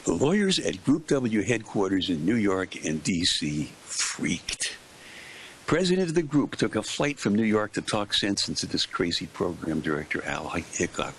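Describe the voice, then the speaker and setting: An older man, a veteran radio DJ, telling stories in an interview with punchy, dramatic pauses. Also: low voice, very animated, a bit bright, a little hiss or hum. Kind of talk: anecdotal storytelling in an interview.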